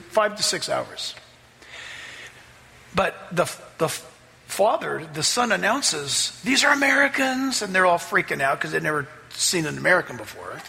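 High-voiced, gravelly preacher in a big church. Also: male voice, big-room sound. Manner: storytelling preacher, rising to loud excited climaxes. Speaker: pastor. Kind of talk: sermon. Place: church sanctuary.

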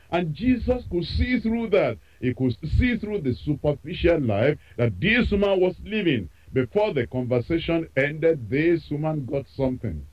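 A man's voice: on the high side, lo-fi sound. A man preaching a sermon with an emphatic, repetitive cadence.

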